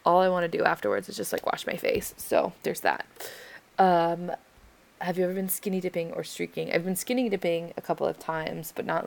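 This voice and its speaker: Tired young woman with a creaky voice. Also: lowish voice. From United States. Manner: hesitant, full of ums and likes. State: tired and yawning late at night. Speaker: audio creator answering listener questions. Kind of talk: casual Q&A chat.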